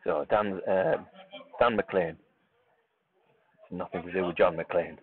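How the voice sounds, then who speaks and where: A man's voice: deep voice, takes it slowly. A man giving amateur live football commentary while running the camera himself, rambling into joking, self-mocking asides between calls of the play. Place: outdoor football ground sideline. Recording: tinny phone-like live stream with crowd.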